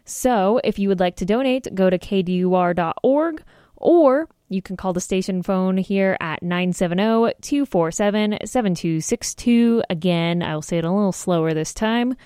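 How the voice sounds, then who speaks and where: A woman's voice: medium pitch, moderate pace, warm tone, clear, resonant tone, no echo, studio quality. Chatty young woman radio DJ. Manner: chatty and self-deprecating, laughs easily. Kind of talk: college radio DJ chat. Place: radio studio.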